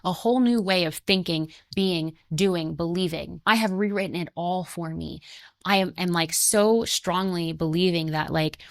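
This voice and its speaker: A woman's voice: on the low side, moderate pace, no echo, studio quality. A woman in her twenties giving an earnest spiritual motivational talk, emphatic and conversational, repeating her key points. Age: 20s.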